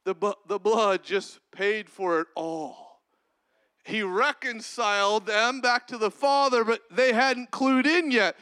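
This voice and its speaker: A man preaching a sermon as a pastor, with long pauses and sudden drops to a soft voice. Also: sits high, clear, resonant tone.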